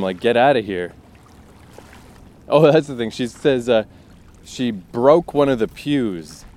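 नीची आवाज़ वाला एक आदमी, जो लेखक है, अपने लेखन के बारे में सोचते हुए बात करता है और किरदारों की बातें बोलकर दिखाता है; पीछे हल्का शोर है।. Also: male voice, lowish voice, darkish tone, a little hiss or hum. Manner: thinks aloud, acts out lines. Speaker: fiction writer. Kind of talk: casual talk about writing.

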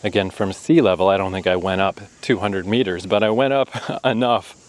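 Recorded roughly, a low-voiced man talks a little fast as he vlogs his way up a hot, forested trail. Out of breath and sweating, he chatters, pokes fun at himself, and swears in bursts.

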